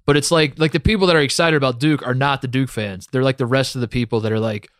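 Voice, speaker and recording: A man's voice: mid-range voice, steady tone, fast, few pauses, fairly bright tone, dry recording, studio quality. A young man co-hosting a sports podcast, talking in a sarcastic, rambling way with lots of fillers. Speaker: podcast co-host. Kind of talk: casual sports chat.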